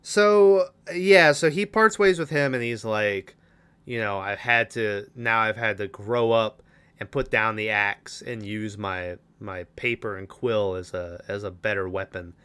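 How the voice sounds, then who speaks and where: A man's voice: lowish voice, measured pace, fairly bright tone, smooth. A man co-hosting a podcast, rambling through a casual movie recap with lots of fillers and swearing. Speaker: podcast co-host.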